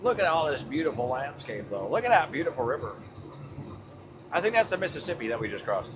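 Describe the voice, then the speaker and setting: A man's voice: a little high, sing-song, fast talker, background noise. A man hosting a livestream from his truck cab, talking loosely with his chat and swearing casually as he drives.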